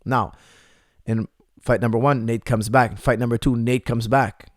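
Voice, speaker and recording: Casual guy coach talking fights to viewers, middle pitch, dry room, keeps hammering the same point. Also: steady tone, moderate pace, no echo. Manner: conversational, repeats points for emphasis. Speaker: MMA coach answering viewer questions. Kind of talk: casual live Q&A chat.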